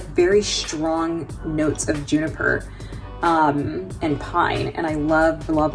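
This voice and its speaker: A woman from New York with an American accent, chatting casually in a travel vlog, joking and laughing often with plenty of fillers. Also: sits low. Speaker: travel vlogger.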